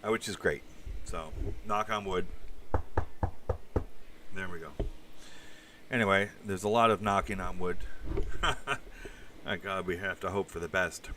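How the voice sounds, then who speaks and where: A man's voice: low voice, fairly even intonation, a little slow, pauses often, distant mic, background noise. A man hosting a casual livestream, chatting with viewers in a rambling way and swearing now and then. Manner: rambling, with asides and crude swearing. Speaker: podcast host reading live chat.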